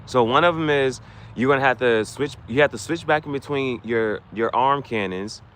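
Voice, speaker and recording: A man's voice: medium pitch, fairly bright tone, a little hiss or hum. A man streaming a video game, giving rambling tips in casual commentary and often restarting his sentences. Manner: rambling, restarts a lot, breaks into quick rap freestyles for gifts. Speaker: gaming streamer.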